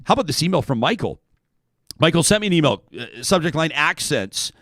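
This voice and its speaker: A man's voice: on the high side, a little fast, no echo. Male talk show host, casual chat, reads listener emails aloud, dry close sound. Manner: animated, reads quotes in a raised voice.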